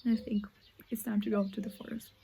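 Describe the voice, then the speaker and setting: 18-year-old woman, rambling solo vlogger on a handheld phone, soft faint birdsong behind. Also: medium pitch, level tone, a little fast, creaky, a little hiss or hum. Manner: rambling, hesitant, drops to a whisper at times. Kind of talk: casual chat. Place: outdoors in a forest.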